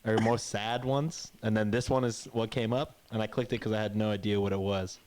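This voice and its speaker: A man's voice: on the low side, fairly even intonation, fairly quick, darkish tone. A man telling a grim fairy tale in a casual, rambling way, swearing and acting out the characters' lines. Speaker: podcast co-host. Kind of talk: casual storytelling chat.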